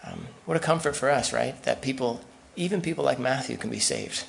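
Man, pastor, sermon, gravelly voice, conversational preaching. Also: mid-range voice, fairly quick, slight background noise.

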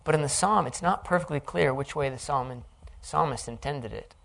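A man delivers an earnest, reflective sermon, explaining the text line by line. His voice sits at a middle pitch with a noticeable gravelly fry. He talks in a thoughtful teaching tone. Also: normal speed, fairly bright tone. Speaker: Bible teacher.

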